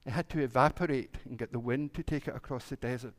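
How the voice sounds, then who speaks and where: A man's voice: mid-range voice, fast talker. A man, a minister telling a playful children's story during a church service and acting out the animals.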